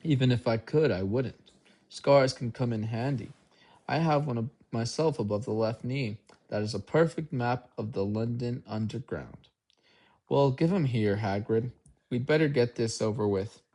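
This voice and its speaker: A man reading an audiobook aloud, voicing an old, wise, wry wizard in a calm, measured way. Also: mid-range voice, lightly acted.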